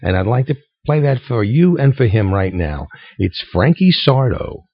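A man hosting a radio show, talking casually and a little haltingly with restarts. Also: mid-range voice, sing-song, slightly rough, dry recording. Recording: dull, lo-fi sound.

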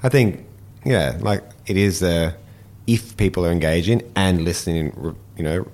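A man hosting a casual interview, thinking aloud in quick, halting sentences full of restarts. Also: low-pitched, a little mellow. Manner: fast, halting speech with many restarts.

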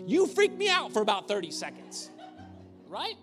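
A male pastor delivers a sermon in a church with a high, light voice. His preaching is conversational and broken up by humorous asides. Faint music plays under him. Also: wildly swooping pitch, moderate pace, a bit bright. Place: church auditorium.

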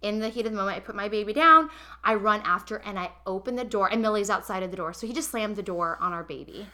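A young woman hosting a podcast, telling a personal story in an animated, emotional way and speaking straight to her listeners. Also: medium pitch, fast. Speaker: podcast host. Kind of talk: casual confessional storytelling.

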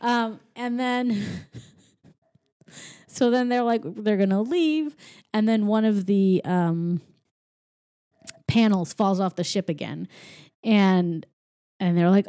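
A woman co-hosting a podcast, casually retelling a movie plot with giggles and quick acted-out lines. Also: mid-range voice, warm tone, no room sound, clean studio sound. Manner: rambling, giggly, acts out lines in quick voices. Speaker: podcast co-host. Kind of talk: casual chat recapping a movie.

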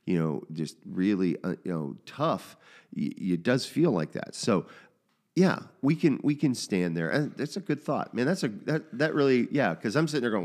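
A man's voice: fairly low pitch, big pitch swings, normal speed, darkish tone. A man co-hosting a casual faith discussion, talking in a loose, conversational way with many restarts. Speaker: co-host.

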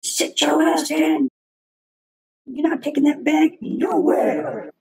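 A man voicing a young male petty officer drill instructor who yells and drawls abuse at recruits. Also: very high voice, little pitch movement, takes it slowly, pitched above the performer's own voice, exaggerated voice. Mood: barking. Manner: yelling, drawling like the rooster cartoon character.

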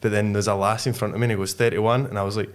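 Podcast host, deeper voice, slangy rambling talk. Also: male voice, fairly even intonation, rapid-fire, smooth. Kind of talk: casual chat.

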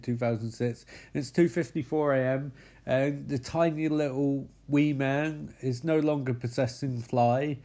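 Brief: wry, profane male storyteller, animated delivery, mid-range voice. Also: medium pitch. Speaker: comedic film recapper. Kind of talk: comedic storytelling.

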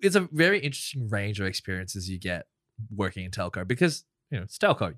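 A man's voice: lowish voice, sing-song, fast talker, fairly bright tone, no echo, studio quality. A man who works in telecommunications, speaking earnestly in casual chat and leaning on a lot of filler words. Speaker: podcast guest, telco worker.

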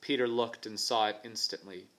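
A man's voice: fairly low pitch, fairly even intonation, moderate pace, a bit bright. Man narrating an adventure audiobook. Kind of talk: scripted narration.

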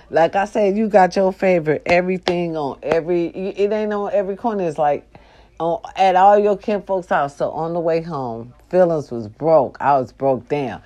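A middle-aged woman hosts, telling a family story in loose, animated bursts. She swears freely and keeps calling out to her listeners. Her voice sits a little low for a woman. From American South. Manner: animated, profane, talks to listeners as y'all. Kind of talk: casual storytelling.

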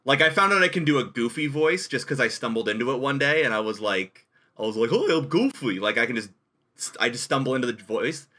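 A man's voice: mid-range voice, fast talker, pushed and bright. A man hosting a casual video chat, joking and self-mocking as he talks. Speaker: host. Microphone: webcam on a video call.

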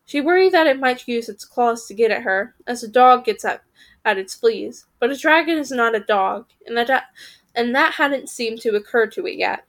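A woman reading a storybook aloud for a podcast, lively and now and then stumbling over a word and correcting herself. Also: on the high side, moderate pace. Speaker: podcast reader.

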